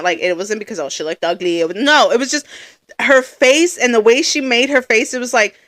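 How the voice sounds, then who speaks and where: A young woman with a bright, forceful voice that sits a little high, co-hosting a podcast in casual chat. She talks loud and animated and acts out what people said. The sound is dry and close. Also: no room sound. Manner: loud, animated storytelling with acted-out quotes. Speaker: podcast co-host.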